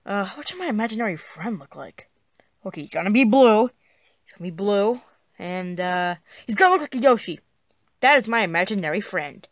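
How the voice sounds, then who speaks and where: A woman voicing a whiny, excitable young male dinosaur in a plush puppet comedy. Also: medium pitch, brisk, no echo, clean studio sound, close to an everyday voice. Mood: excited. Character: whiny young male dinosaur who wants an imaginary friend.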